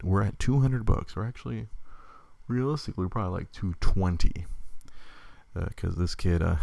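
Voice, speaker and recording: A man's voice: low voice, gravelly, a little mellow, no room sound. A man in his thirties, a father chatting casually at home on a live stream, rambling and stammering with frequent laughs.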